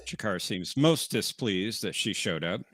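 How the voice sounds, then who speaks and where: A man with a lowish voice, recorded dry and close, gives casual live commentary. He drops trivia and deadpan quips, with a quietly amused tone. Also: measured pace, slightly rough, no room sound. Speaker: co-host of a show watch-along.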